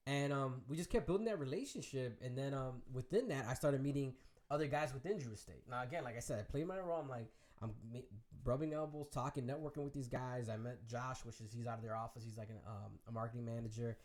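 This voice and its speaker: A man's voice: mid-range voice, fast. A man with a Chicago accent, a DJ guest telling stories in a casual interview and acting out the voices of people he quotes. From Chicago area. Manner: animated storyteller, acts out quoted voices.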